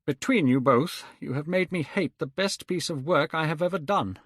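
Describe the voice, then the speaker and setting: A man's voice: fairly high pitch, moderate pace, a bit bright, dry recording, clean studio sound, voice pushed up. A man voicing an earnest painter who pleads with his young friend. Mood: pleading.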